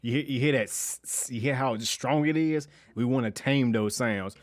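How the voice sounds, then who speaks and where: A man's voice: mid-range voice, normal speed, no echo. A young man giving a loose, conversational music production tutorial, full of slang and restarts. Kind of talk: casual screen-recorded tutorial.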